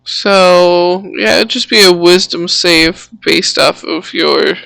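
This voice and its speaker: A woman running a tabletop game as game master, narrating slowly with many pauses and fillers. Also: fairly low pitch, vocal fry, fairly bright tone, no echo. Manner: slow, halting, many fillers.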